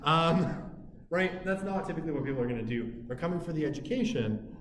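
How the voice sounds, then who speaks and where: A man's voice: fairly high pitch, lively intonation, brisk, fairly bright tone. Man lecturing casually in echoey room. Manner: conversational, frequent "right?" and "you know" tags. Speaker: university lecturer. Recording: echoey room with faint ambience.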